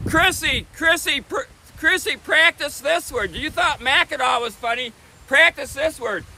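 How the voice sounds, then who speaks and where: Middle-aged guy streaming outside on his phone, super high voice, chatty, repeats stuff, faint traffic and wind behind. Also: animated, a little slow, gravelly, pushed and bright, poor audio. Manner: chatty, repeats himself, greets and answers chat. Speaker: live streamer. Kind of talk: casual outdoor live stream. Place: outdoors on a beach by a busy bridge. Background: traffic and wind noise.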